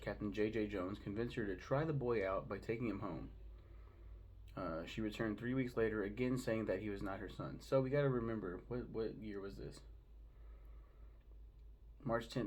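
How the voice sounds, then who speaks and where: A man hosting a casual solo review from home, talking fast, rambling and swearing freely. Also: fairly low pitch, breathy edge. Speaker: host reviewing a show.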